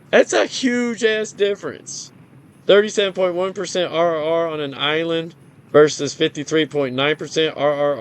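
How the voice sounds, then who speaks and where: A gaming channel host with a smooth, mid-range voice reads out game details in casual commentary. He's blunt and profane, complains openly, and often stumbles over numbers and starts again.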